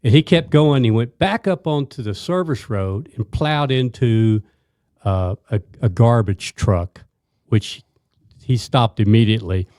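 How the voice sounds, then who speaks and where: An older man, a retired police officer, recounting a police chase in a steady, matter-of-fact way. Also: mid-range voice, measured pace, no echo, studio quality. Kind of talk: casual storytelling.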